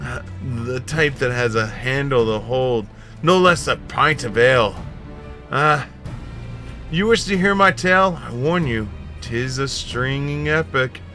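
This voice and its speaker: A man's voice: medium pitch, pushed and bright, soft background music. A man doing a weary, grumbling old sellsword. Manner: slow, grumbling, world-weary. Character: weary middle-aged male sellsword.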